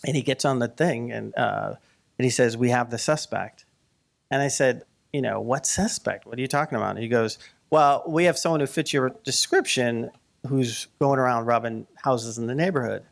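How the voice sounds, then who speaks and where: A man, a cartoonist, telling a story to a live audience in a conversational, animated way full of fillers, now and then rising to heated emphasis. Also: mid-range voice, normal speed, creaky. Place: event hall.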